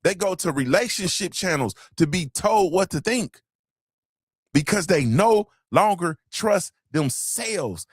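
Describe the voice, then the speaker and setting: A man's voice: sits high, animated, a little slow, slightly rough, no room sound, clean studio sound. A man hosting a motivational podcast livestream, preaching and repeating his points, swearing casually and asking "you feel me". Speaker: podcast host.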